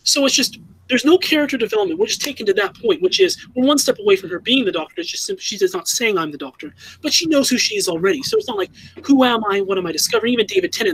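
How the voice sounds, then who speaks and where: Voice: mid-range voice, gravelly, husky, poor audio. A fan commentator giving an earnest, critical opinion, often restarting and correcting themselves mid-sentence.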